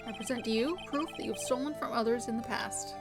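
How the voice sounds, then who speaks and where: A woman's voice: a little high, a little fast, natural voice. A woman voicing an earnest young male defense lawyer, reading game lines aloud over game music. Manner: earnest, accusing.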